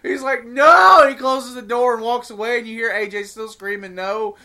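A man's voice: very high voice, fairly quick. A man in casual podcast chat, telling stories with energy, acting out quoted lines and swearing freely. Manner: animated storyteller, acts out quotes, swears.

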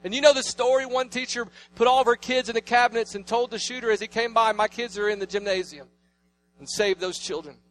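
A man in his thirties preaching a sermon, telling family stories and swinging between loud declarations and hushed asides. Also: extremely high pitch, steady tone, quick pace, few pauses, slight background noise. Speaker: pastor.

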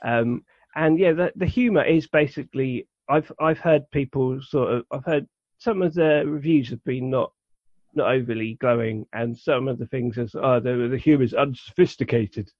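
A man's voice: medium pitch, moderate pace, no echo. A man co-hosting a podcast, chatting casually and rambling with many restarts and fillers. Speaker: podcast co-host. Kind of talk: casual chat. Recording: dull lo-fi sound.

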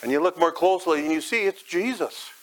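A man preaching a sermon as guided imagery, dramatic, swelling loud and high, then dropping soft and low. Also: fairly quick, a little hiss or hum, rough recording.

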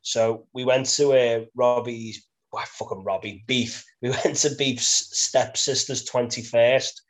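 A man with a Merseyside accent tells rambling, sweary stories in a casual chat. His delivery stays level and monotone, with laughter slipping into his sentences. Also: mid-range voice, unhurried. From Birkenhead, England.

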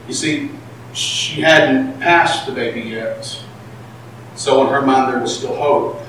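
A male pastor preaching, swinging between shouted emphasis and hushed confession. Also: mid-range voice, animated, slow pace, slight background noise. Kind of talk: sermon. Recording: echoey hall from far off.

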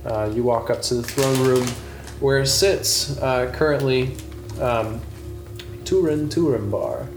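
A man running a tabletop game as game master, narrating haltingly with many ums. The recording is echoey, with music behind. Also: medium pitch.

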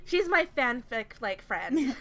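A young woman with a bright, forceful voice, pitched a little high, co-hosting a casual podcast chat. She giggles often and reads passages aloud in a mock-dramatic voice. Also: expressive, slow pace. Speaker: podcast host.

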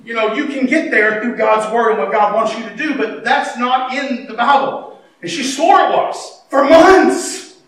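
A middle-aged man preaching a sermon as pastor, telling stories, acting out dialogue and swinging between loud and hushed. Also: very high voice, unhurried. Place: church sanctuary. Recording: echoey church hall, mic at a distance, faint noise.

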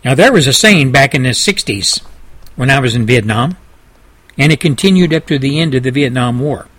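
An older man hosting a radio show, delivering a fiery, preachy monologue with swings between loud and low intensity. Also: lively intonation, normal speed, low-quality recording. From Southern United States.

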